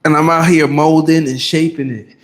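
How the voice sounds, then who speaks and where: A man's voice: on the high side, steady tone, moderate pace, heavy background noise. A man from Ghana chatting live with viewers during his gym workout, greeting them by name and hyping them up. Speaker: fitness livestreamer. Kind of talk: live workout stream chat.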